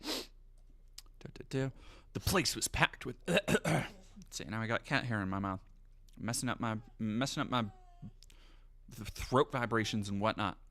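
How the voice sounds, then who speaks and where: A man's voice: fairly low pitch, unhurried, long pauses. A man streaming casually, riffing and swearing in a jokey way and reading text aloud with mock drama. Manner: animated, profane, jokey riffing. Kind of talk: casual livestream commentary.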